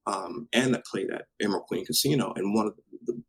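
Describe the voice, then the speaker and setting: A husky-voiced man telling a story in a casual chat. His pitch swings widely as he acts out the voices of the people in it. He swears now and then and talks loosely. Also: a little fast, low-quality recording. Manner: animated, acts out quotes, swears.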